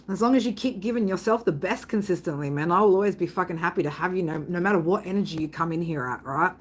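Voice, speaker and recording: A woman's voice: fairly low pitch, low-quality recording. A woman hosting a live tarot reading stream, chatting casually with viewers, swearing constantly and often asking "right?". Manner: breaks into loud laughter reading chat comments.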